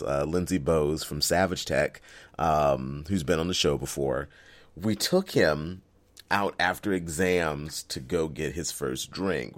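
A man co-hosting a film podcast, telling a lively story and laughing often in casual chat. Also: low voice. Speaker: podcast co-host.

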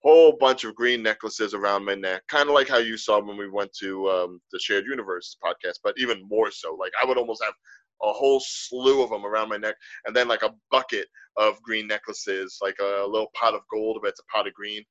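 A man co-hosting a podcast, chatting casually and telling stories in an animated way. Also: fairly low pitch, fairly quick, no echo, dull audio. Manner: animated, storytelling. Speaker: podcast co-host. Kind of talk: casual conversation.

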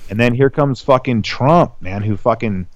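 A man's voice: medium pitch, normal speed. A young adult man on a podcast, talking in a profane, heated rant. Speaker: podcast co-host. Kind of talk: casual chat. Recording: dull lo-fi sound.

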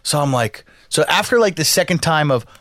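Animated storytelling man, lively pitch. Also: brisk, no room sound, studio quality. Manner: animated, swears, acts out voices in his story. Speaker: podcast co-host. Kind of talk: casual storytelling chat.

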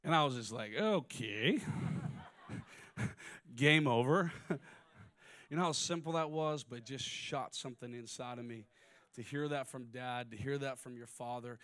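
A man preaching a sermon, moving between quiet personal stories and loud, rising exhortation. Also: medium pitch, fairly even intonation, a little fast, smooth. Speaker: pastor.

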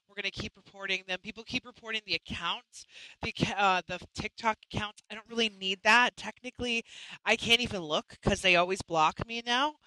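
A woman's voice: mid-range voice, moderate pace, pushed and bright, dry recording, low-quality recording. A woman hosting a live chat show, talking casually and chattily, often restarting and apologizing. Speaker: host.

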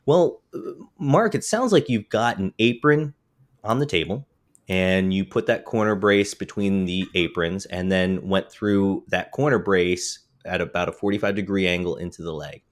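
ポッドキャストで木工の質問に答える男性。言いよどみやフィラーが多く、しゃっくりが出ている。. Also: male voice, sits low, normal speed. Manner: hesitant, many fillers and restarts. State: has the hiccups. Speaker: podcast co-host. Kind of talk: casual chat.

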